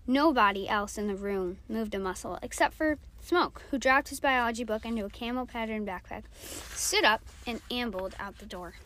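A woman reading a novel aloud, narrating lively and acting out the characters' dialogue. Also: fairly high pitch, moderate pace, a little hiss or hum. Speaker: reader.

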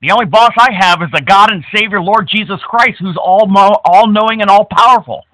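A man making a prank phone call, crude, abusive and mocking, at times bursting into shouts. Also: high voice, a little fast, no echo. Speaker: prank caller.

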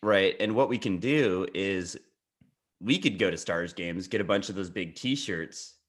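Low-voiced joking man on a podcast. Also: breathy edge. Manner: playful, teasing, quick to crack jokes. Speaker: podcast co-host. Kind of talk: joking casual banter.

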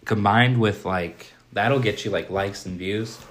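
A man's voice: fairly low pitch, measured pace, a bit bright. A man co-hosting a podcast, chatting casually and making dry wisecracks. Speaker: podcast co-host. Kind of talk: casual chat.

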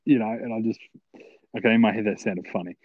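A man's voice: lowish voice, fairly even intonation, fast talker, no echo. An Australian man joking around as podcast co-host in casual banter. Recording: dull lo-fi sound with faint noise.

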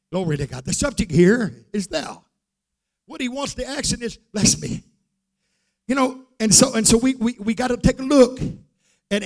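Older man, high-pitched fervent preacher, shouts and sings out his praises. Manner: fervent, repeats "glory to God" and "hallelujah"; builds to shouting and singing out phrases. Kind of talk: sermon.

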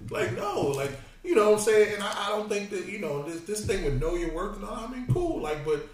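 A man with a high-pitched voice talks loosely and profanely, stumbling over and repeating his words as he builds an argument. He sounds set back from the mic in a very echoey room with a faint hiss underneath. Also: very animated, a little fast, recorded from a distance. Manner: rambling, repeats words, swears freely. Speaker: podcast co-host. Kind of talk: casual crude banter.

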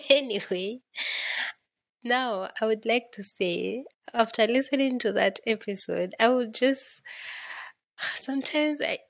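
A woman's voice: on the high side, slow pace, vocal fry, pauses often, no room sound, clean studio sound. Rambling, dramatic young Kenyan woman. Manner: rambling, dramatic and playful, laughing often. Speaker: podcast host. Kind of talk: casual solo podcast monologue.

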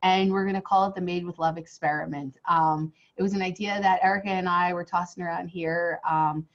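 A woman hosting a casual interview podcast, her voice hoarse from a cold, rambling with many fillers and restarts. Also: fairly low pitch, steady tone, a little fast. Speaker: podcast host. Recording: dull lo-fi sound.

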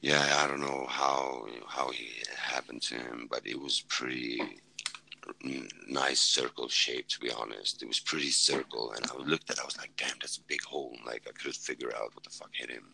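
A former fighter and medic from Sweden, speaking his native Swedish as a podcast guest, rambles bluntly and casually through a war story, swearing freely and restarting many times. His very deep voice stays fairly even at a normal pace, with vocal fry and a pushed, bright quality, captured in low-quality audio.

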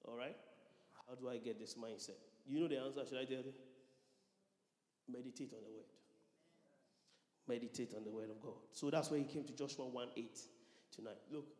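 A man's voice: mid-range voice, steady tone, normal speed, long pauses, a little mellow. A male pastor preaching a sermon, repeating lines for emphasis and calling out to the congregation. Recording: echoey church hall reverb.

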